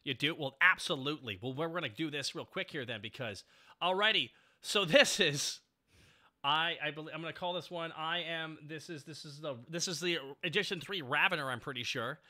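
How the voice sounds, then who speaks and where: Thirties guy streaming, high-ish voice, super bright and punchy, gets all excited and yelpy. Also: a little fast. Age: 30s. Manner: excitable, breaks into sudden yelps and shouts. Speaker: streamer host. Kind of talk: casual stream chat.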